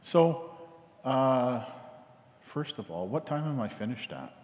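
A man tells a story at an ordinary pitch, circling back on himself with fillers and restarts in a loose sermon. His voice rings out in a hall with a long reverb. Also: big pitch swings, takes it slowly, a little mellow. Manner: repetitive, casual, many fillers. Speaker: speaker telling a parable.

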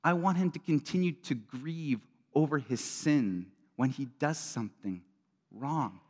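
A middle-aged man preaching a sermon as a pastor, talking earnestly and conversationally, swinging between loud bursts and quiet drops. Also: mid-range voice, unhurried. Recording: long reverb of a large hall.

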